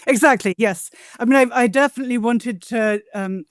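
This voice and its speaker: A woman's voice: on the high side, a little fast, dry recording, clean studio sound. A woman translator being interviewed, explaining poetic meter in a scholarly way and tapping out rhythms aloud. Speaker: translator and guest. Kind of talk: interview conversation.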